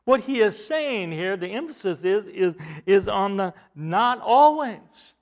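Male preacher, high voice, sermon delivery that climbs and falls for emphasis. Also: animated, normal speed. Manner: rising and falling emphasis, repeats words while building points.

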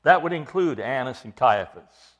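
Lively, emphatic male preacher. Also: medium pitch, moderate pace, muffled recording. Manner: emphatic, repeats phrases for stress; asks the listeners questions. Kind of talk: expository sermon.

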